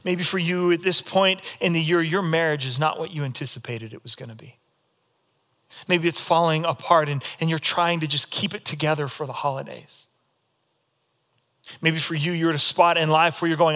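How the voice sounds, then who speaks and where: A man preaching a sermon as pastor, telling stories in a demonstrative, animated way. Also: fairly high pitch, normal speed.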